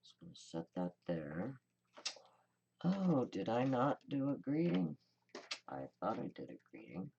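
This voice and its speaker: A woman's voice: very deep voice, huge pitch swings, unhurried, gravelly, long pauses, mellow, muffled recording, a little hiss or hum. A woman hosting a card-making tutorial, chatting casually and thinking aloud as she works. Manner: chatty, rambling, thinks aloud while working. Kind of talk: casual crafting demonstration.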